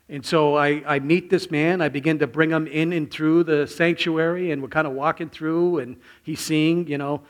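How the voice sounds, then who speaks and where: Middle-aged male preacher, slightly high voice, storytelling sermon with dynamic hushed-to-loud delivery. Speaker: pastor.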